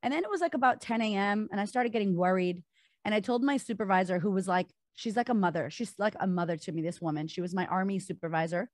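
A woman's voice: medium pitch, quick pace, no room sound, clean studio sound. A woman guest on a podcast recounting a personal story candidly, with many filler words.

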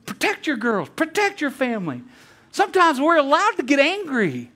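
A man preaching a sermon as pastor, animated and quick to laugh, acting out a story with voices. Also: very high voice. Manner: animated, laughs often, tells stories with voices.

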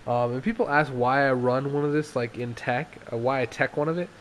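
Excitable young man reviewing his deck. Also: mid-range voice, a little fast, a little hiss or hum. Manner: excitable, laughs often, acts out opponents. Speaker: card game vlogger.

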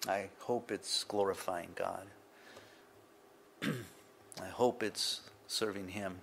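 A man's voice: low-pitched, steady tone, slow, gravelly, a bit bright, a little hiss or hum. Older man preaching in a chatty way. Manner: conversational teaching with frequent asides and chuckles. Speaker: pastor. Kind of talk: sermon.

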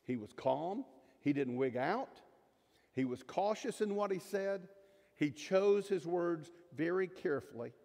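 A man's voice: high voice, expressive, measured pace, vocal fry, a little mellow. A middle-aged male pastor preaching a sermon in a folksy, emphatic way with jokes and asides. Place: church sanctuary. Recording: long reverb of a church hall.

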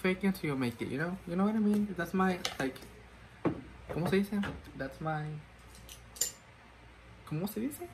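A man's voice: high voice, very animated, moderate pace, pauses often, noisy background. A man chatting casually while doing his makeup, rambling and self-mocking, switching languages mid-sentence. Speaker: makeup vlogger.

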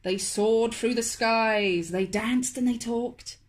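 A woman, a children's author, reading a picture book aloud to toddlers in a slow, expressive, sing-song way. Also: fairly high pitch. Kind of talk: storybook read-aloud for toddlers.

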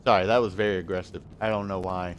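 A man's voice: sits low, fairly even intonation, fast talker, a little hiss or hum. A man giving casual commentary while playing a shooter game, chatting to himself and poking fun at his own play. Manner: chatty, talks to himself, self-deprecating. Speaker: gamer streaming solo play. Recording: game gunfire and ambience behind voice.

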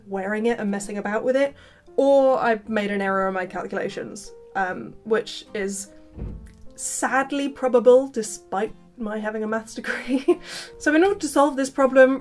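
Brief: woman, bright higher voice, chatty craft vlogger, faint music under her. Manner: chatty, playful, self-mocking asides. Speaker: costume maker. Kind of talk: casual sewing vlog narration.

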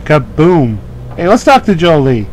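A man's voice: on the high side, very animated, measured pace, a little mellow, faint music behind, low-quality recording. A man giving casual, joking commentary while playing a video game, often laughing at himself. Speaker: let's play host.

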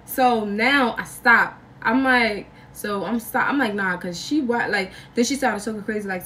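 A young woman with a fairly high voice tells a storytime vlog in loose, slang-filled talk. She is animated and acts out the people in her story. She sits a little back from the mic, with faint noise behind her. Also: measured pace, distant mic. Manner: animated, slangy, acts out quotes with big jumps in voice. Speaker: vlogger.

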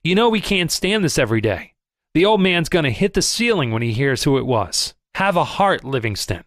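A man's voice: high voice, big pitch swings, normal speed, fairly bright tone, no room sound, studio quality, pitched above the performer's own voice. A man voicing a pushy bucket-shop agent who snarls threats, then turns fussed and begging, in an audiobook reading. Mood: pleading. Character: brash, pushy bucket-shop man from out of town, turning pleading.

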